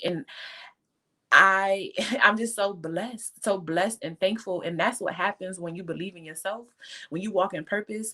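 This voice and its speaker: Low-voiced woman, fervent and teary, talking faith and business. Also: a bit bright. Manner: fervent, faith-filled, tearful. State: emotional, near tears. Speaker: guest entrepreneur. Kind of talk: emotional personal testimony.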